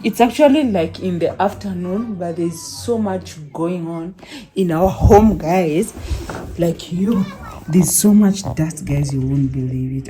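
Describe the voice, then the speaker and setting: A woman with a lowish, dark-toned voice chats casually to camera in a home vlog, often calling her viewers "guys." Building work can be heard nearby, and the phone recording is noisy.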